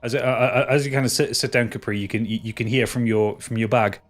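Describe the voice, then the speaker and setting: A man's voice: mid-range voice, fairly even intonation, fast talker. A man narrating as game master in a tabletop game, rambling with restarts.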